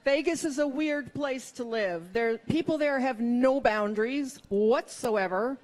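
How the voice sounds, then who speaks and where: A woman's voice: sits high, unhurried, darkish tone. A middle-aged woman performing a stand-up comedy set, with wry, self-mocking punchlines.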